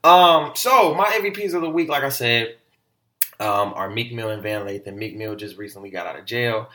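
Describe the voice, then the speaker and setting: Bright-voiced man hosting a casual podcast. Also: mid-range voice, normal speed, a little hiss or hum. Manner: animated, slangy, swears, lively retelling. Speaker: podcast host. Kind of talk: casual solo podcast commentary.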